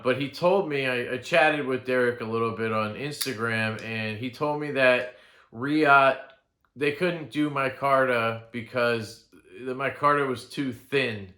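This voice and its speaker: A young man talks loosely and casually, rambling along and stopping to correct himself as he goes. His voice is bright and forward. The room around him rings with a noticeable echo. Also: mid-range voice. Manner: rambling, with frequent ums and self-corrections. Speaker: knife reviewer. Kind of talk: casual unboxing monologue.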